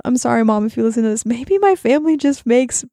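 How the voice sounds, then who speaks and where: High-voiced swearing young woman. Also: animated, quick pace, warm tone, no echo, clean studio sound. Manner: blunt, swears freely, laughs a lot. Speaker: podcast co-host. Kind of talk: casual chat.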